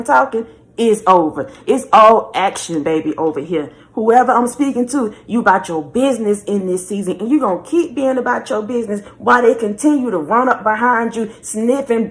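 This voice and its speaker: A woman giving a spiritual message reading in a repetitive, preachy way, often calling the listener baby. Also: fairly high pitch. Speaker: spiritual reader.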